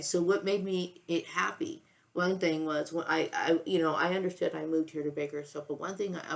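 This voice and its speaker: A woman's voice: low-pitched, vocal fry. A woman in her sixties speaking in an emotional, rambling personal monologue, near tears, with many restarts and frequent "okay?" and "you know.". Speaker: vlogger.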